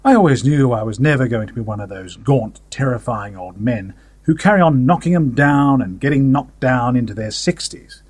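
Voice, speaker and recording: A man's voice: medium pitch, animated, moderate pace, a little mellow, husky, no echo. A man reading a story aloud in a wry, conversational first-person manner. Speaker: story narrator. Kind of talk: audiobook fiction reading.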